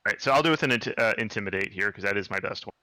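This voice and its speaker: A man's voice: on the low side, racing, pushed and bright, no echo. A man playing a tabletop game, speaking tersely and dryly about his character's moves. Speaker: player.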